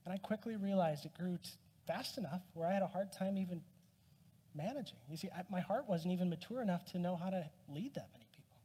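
Husky high-voiced pastor preaching in a hall. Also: male voice, animated, fast, dark tone. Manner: conversational, self-deprecating humor. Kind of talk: sermon. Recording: long reverb from a hall.

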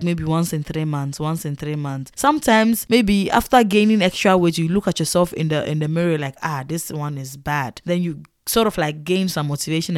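A young woman talks straight to the listener in a loose, storytelling monologue. She is animated and chatty, and she slips into her own inner voice with drawn-out "ah" exclamations. Her voice sits at a mid pitch, and the sound is dry and close with no room echo. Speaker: vlogger.

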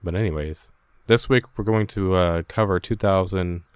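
A man's voice: sits low, normal speed, smooth, dry recording. A man hosting a casual podcast, rambling and joking crudely over a voice call on a headset mic. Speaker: podcast host. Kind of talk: casual chat.

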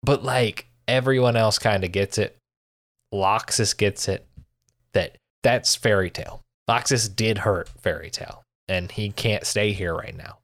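A young man co-hosting a podcast, recapping and judging an anime in animated, swearing casual talk. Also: lowish voice, measured pace, dry recording, clean studio sound. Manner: animated storytelling, swears, laughs often.

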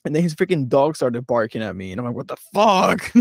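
A man's voice: medium pitch, big pitch swings, quick pace, creaky, mellow, dry recording, studio quality. A young man from Philadelphia telling a road-trip story in a casual podcast chat, rambling and laughing as he acts out the people he met. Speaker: podcast co-host.

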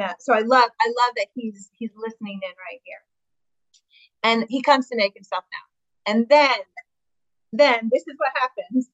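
Woman leading bible study, higher voice, dry close sound, kinda muffled. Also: fairly bright tone, dry recording. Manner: earnest, enthusiastic, with fillers and restarts. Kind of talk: Bible study teaching, reading scripture aloud.

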